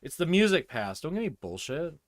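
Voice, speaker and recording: A man streaming a video game, chatting casually and muttering to himself between loud outbursts. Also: on the high side, very animated, fairly quick, dry recording, clean studio sound. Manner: swears and laughs loudly at game moments, mutters otherwise. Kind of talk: casual gameplay commentary.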